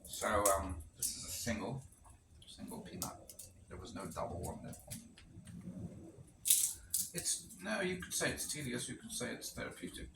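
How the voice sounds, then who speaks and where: A man's voice: fairly low pitch, sing-song, moderate pace, vocal fry. A man chatting casually while cooking in a rental kitchen, rambling with wry asides. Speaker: cooking vlogger. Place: kitchen with gas stove in a rental. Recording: roomy, distant mic, noisy background. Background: pot boiling on the stove.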